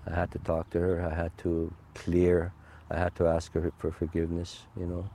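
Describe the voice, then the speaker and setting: A middle-aged man giving a personal faith testimony, halting and heartfelt, with many fillers and restarts. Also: low-pitched, monotone, mellow, a little hiss or hum. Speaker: guest sharing a testimony.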